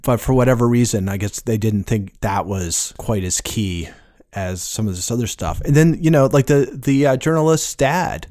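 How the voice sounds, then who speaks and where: A man co-hosting a podcast, talking in a hesitant, halting way with many restarts. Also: medium pitch, a little mellow, no echo, clean studio sound. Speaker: podcast co-host. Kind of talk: casual podcast review chat.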